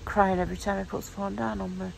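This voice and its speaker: A woman in her forties vlogging casually at home, croaky from a sore throat and tearful, rambling with lots of fillers. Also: mid-range voice, little pitch movement, fast, slight background noise, rough recording. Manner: rambling, chatty, filler-heavy. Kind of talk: casual vlog chat.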